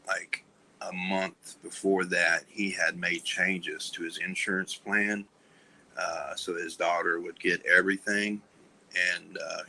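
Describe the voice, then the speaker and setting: Husky guy on a podcast, tense bright edge to it, halting and soft, lots of ums and restarts. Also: deep voice, low-quality recording. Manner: halting, many fillers and restarts; soft-spoken, trailing off. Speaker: podcast guest. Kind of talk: candid conversation about recovery.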